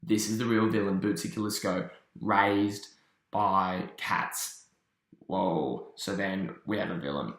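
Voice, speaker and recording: A man casually recapping and reviewing a cartoon episode, telling it as an animated story with quick asides. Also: deep voice, reverberant.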